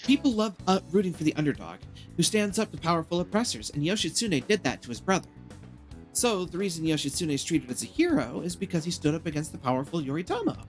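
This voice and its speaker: Lively streamer reading game text aloud. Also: mid-range voice, fast talker, faint music behind. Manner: reads quiz lines aloud, chatty. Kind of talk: let's-play chat and reading aloud.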